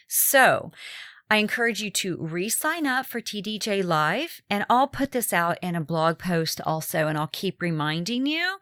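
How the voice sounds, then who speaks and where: A woman's voice: medium pitch, fairly bright tone, no echo, studio quality. A middle-aged woman hosting a podcast, talking casually and chattily with frequent fillers and restarts. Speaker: podcast host.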